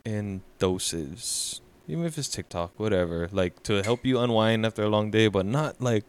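A man co-hosting a podcast, chatting casually, relaxed, swearing and laughing often. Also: fairly low pitch, moderate pace, clear, resonant tone. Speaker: podcast co-host. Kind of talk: casual chat.

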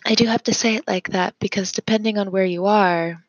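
A woman hosting a podcast, doing a casual tarot reading in a reflective manner with pauses and fillers. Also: medium pitch, steady tone, no room sound, highs cut off. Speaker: tarot reader and podcast host.

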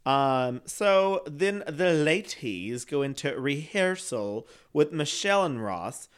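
Male co-host, casual chatty recap, smooth resonant tone. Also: fairly high pitch, takes it slowly. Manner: chatty, animated, laughs often. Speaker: podcast co-host.

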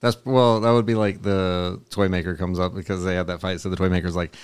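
A man's voice: low voice, level tone, a little fast, clean tone. A man co-hosting a podcast in casual chat, laughing often and acting out silly made-up scenes. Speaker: podcast co-host.

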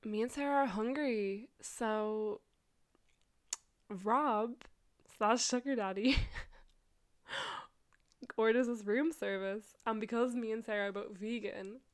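Young woman, smooth clear voice, rambling casual storytelling, swears and laughs a lot. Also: a little high, takes it slowly, long pauses. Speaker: vlogger.

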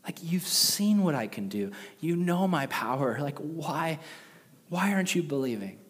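A man's voice: a little high, sing-song, a little slow, voice pushed up. A man voicing Jesus as a patient, casual teacher who speaks in a friendly, reassuring way. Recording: long reverb of a large hall.

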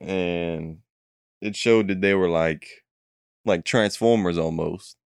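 Young man telling a profane, animated story. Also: low voice, slow, clear, resonant tone, no room sound, clean studio sound. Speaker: storyteller recounting a dream. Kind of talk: casual chat.

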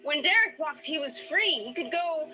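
A woman's voice: sits high, expressive, normal speed, pushed and bright, heavily acted. An actress playing a troubled young woman who sees her dream gift as a curse, speaking earnestly and wistfully, with faint music behind.

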